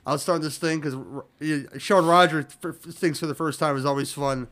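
A man's voice: fairly high pitch, fairly even intonation, brisk, fairly bright tone. A man talking as a guest on a casual podcast, rambling and often restarting his sentences.

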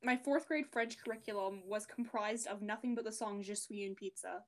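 A woman's voice: medium pitch, normal speed. Teasing young woman podcast co-host. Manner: lively, teasing, self-deprecating, laughs often. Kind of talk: casual chat.

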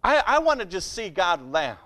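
A pastor preaching a sermon in a conversational style, often asking the congregation "Amen?" and asking for their response. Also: male voice, sits high, sing-song, normal speed, fairly bright tone.

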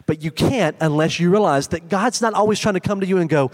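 A young man preaches to his congregation in a relaxed, talky way, often leaning on "like" as he goes. His voice sits somewhat high for a man. The sanctuary around him rings with a long reverb. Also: fast, hardly any pauses. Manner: conversational preaching, frequent "like". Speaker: pastor. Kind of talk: sermon. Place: church sanctuary.

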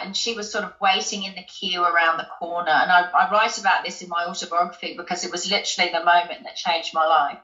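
A woman's voice: on the low side, sharp tone. A woman from the UK, a guest in an interview, tells a personal story in a chatty way, with many ums and restarts. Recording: roomy, slightly dull recording.

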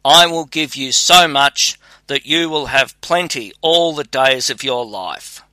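A man voicing a mighty, haughty male spirit, loud and threatening by turns. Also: mid-range voice, slow pace, no room sound. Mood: pleading. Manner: loud, threatening then pleading.

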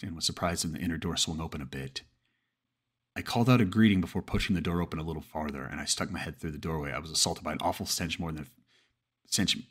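A man narrating a first-person horror story in a steady reading voice, with occasional stumbles and restarts. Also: rumbling low, breathy edge.

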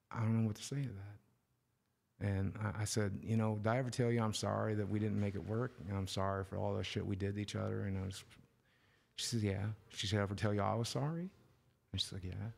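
A middle-aged man sits as a podcast guest, telling a personal story with loose, profane candor. His voice sits low with a gravelly edge, and it sinks to hushed, almost whispered phrases before picking back up. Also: flat delivery, brisk. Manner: emotional storyteller, swears freely, drops to near whispers. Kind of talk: candid interview storytelling.

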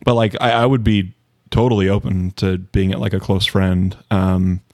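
A man's voice: low voice, flat delivery, normal speed, darkish tone, no echo. A young man co-hosting a podcast, chatting casually with lots of fillers on a dynamic mic in a studio. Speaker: podcast co-host. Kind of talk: casual chat.

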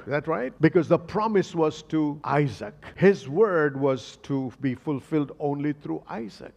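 A man's voice: on the high side, gravelly, a little mellow, in a large hall. A man preaching a sermon as a bishop, reading scripture aloud and asking the congregation rhetorical questions.

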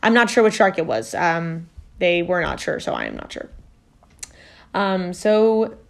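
A woman's voice: lowish voice, sing-song, measured pace, gravelly, slight background noise. Rambling woman telling a story. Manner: rambling, full of fillers and self-corrections. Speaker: podcast host. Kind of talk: casual storytelling. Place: at home.

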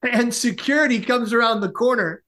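Animated man telling a story. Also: very high-pitched. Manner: lively, comic, quick asides. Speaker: guest. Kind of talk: animated storytelling in a podcast interview.

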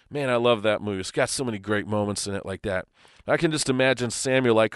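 A man's voice: mid-range voice, brisk, clean tone, no echo, studio quality. A man teaching from the Bible on a podcast, earnest and conversational, with frequent restarts.

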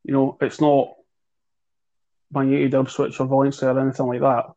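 A man co-hosting a football chat show, speaking in a measured way and thinking aloud with fillers. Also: mid-range voice, completely flat delivery, mellow, dull audio. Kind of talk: casual podcast chat.

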